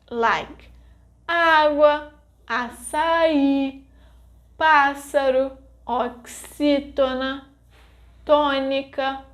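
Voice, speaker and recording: A Brazilian woman, a native Portuguese speaker, teaching a scripted language lesson in a clear, deliberate way. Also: sits high.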